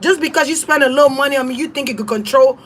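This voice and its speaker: A high-voiced woman reading tarot who rants bluntly and defiantly. She swears freely and laughs between points. Faint noise sits under her voice. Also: very fast, a bit bright. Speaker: tarot reader. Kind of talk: casual livestream rant.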